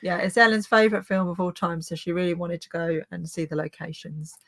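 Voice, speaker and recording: A woman's voice: lowish voice, flat delivery, brisk, gravelly, fairly bright tone, no echo. Giggly woman, dry close sound. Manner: giggly, chimes in with short agreements. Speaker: co-host of a reseller live stream. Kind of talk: casual live-stream chat.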